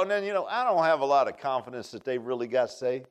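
A male pastor preaching a sermon in a folksy, excitable way that builds to loud, impassioned passages. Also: fairly high pitch, fast, few pauses, smooth.

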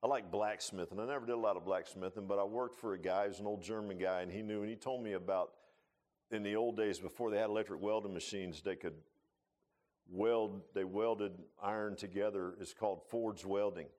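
A middle-aged man preaching a sermon as pastor, folksy, swinging from loud rising bursts to low quiet asides. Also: fairly even intonation, fairly quick.

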